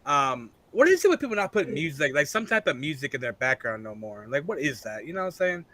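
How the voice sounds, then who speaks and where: Sex: man. Role: match judge. Style: casual chat. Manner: blunt, joking, full of fillers. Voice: fairly high and bright. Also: big pitch swings, fast talker.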